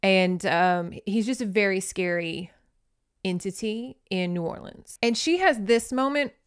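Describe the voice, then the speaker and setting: A woman hosts a podcast and recaps a novel in a casual, playful way, with joking, dramatic asides. Her voice is smooth and clear at a mid pitch. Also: unhurried. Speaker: podcast host. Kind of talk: casual book recap and reading aloud.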